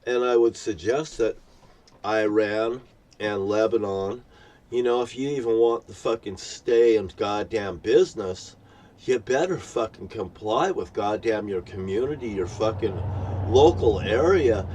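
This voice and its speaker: A man's voice: fairly low pitch, a little slow, darkish tone, recorded from a distance. A man ranting angrily to the camera, swearing constantly and repeating himself. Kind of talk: angry profane monologue to camera.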